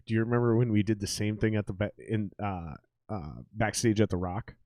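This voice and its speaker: A man's voice: lowish voice, brisk, mellow, no room sound. Profane, laughing man telling stories. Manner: profane storytelling, laughs often. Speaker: podcast host. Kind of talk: casual chat.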